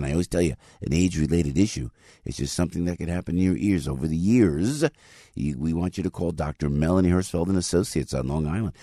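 A man's voice: rumbling low, dark tone, dry recording, clean studio sound. A man hosting a morning talk radio show, chatty and full of restarts as he reads live ads.

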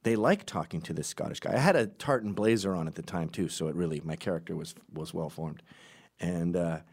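A man's voice: low voice, a little fast, darkish tone, husky. A man telling a crude, rambling comic story in a brash, casual way.

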